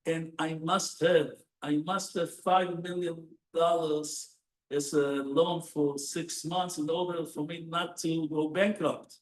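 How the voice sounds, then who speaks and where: A man voicing an embarrassed older father who pleads quietly and apologetically in a sermon anecdote. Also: on the high side, flat delivery, slow, voice pushed down, poor audio. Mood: pleading.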